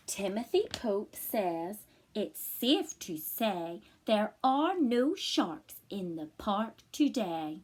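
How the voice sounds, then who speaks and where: A woman teacher reading a picture book aloud to children, expressive and encouraging, asking them to read along and spot rhymes. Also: mid-range voice, slow, few pauses. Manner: expressive, encouraging, asks the listener to join in. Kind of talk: read-aloud storytime lesson.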